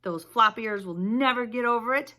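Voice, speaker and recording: Woman reading grumpy old farmer man, huffy, gloating, bright storybook voice. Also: on the high side, moderate pace.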